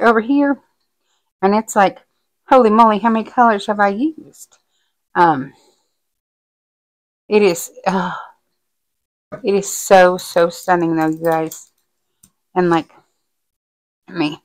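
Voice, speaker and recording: Slow-talking woman gushing over her craft. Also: mid-range voice, low-quality recording. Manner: gushing, excitable, lots of fillers. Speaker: diamond painting vlogger. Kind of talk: casual show-and-tell vlog.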